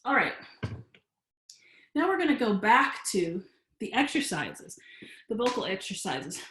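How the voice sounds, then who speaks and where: A woman soprano teaching an online singing and exercise class, coaching her students by name and cheering them on. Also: mid-range voice. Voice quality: trained soprano. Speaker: voice and fitness instructor. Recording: roomy sound with loud music.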